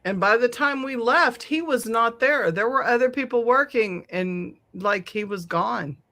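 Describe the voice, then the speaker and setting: A middle-aged woman telling a long, animated story on a podcast, swearing freely and laughing often. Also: on the high side, measured pace. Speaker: podcast co-host. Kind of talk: casual storytelling chat.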